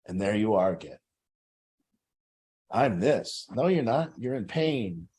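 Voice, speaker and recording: A man's voice: lowish voice, very animated, normal speed, dark tone, breathy edge. A middle-aged man leading a recovery group, telling a personal story in a blunt, profane way.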